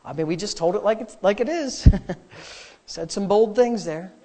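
A male pastor preaches a sermon in a high-pitched, animated voice at a moderate pace. He repeats phrases for emphasis and at times drops into a quiet, prayerful tone.

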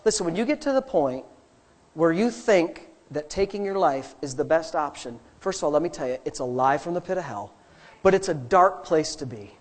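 Preaching man, quiet to fervent. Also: a little high, lively intonation, moderate pace. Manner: builds from quiet storytelling to loud preaching. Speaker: pastor. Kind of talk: sermon.

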